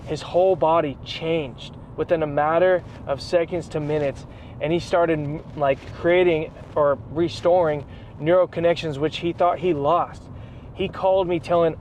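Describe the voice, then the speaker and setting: A man vlogging in a casual, animated storytelling way, full of slang like bro and dude. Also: on the high side, unhurried, lo-fi sound, a little hiss or hum. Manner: excited, animated retelling. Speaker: vlogger, athlete.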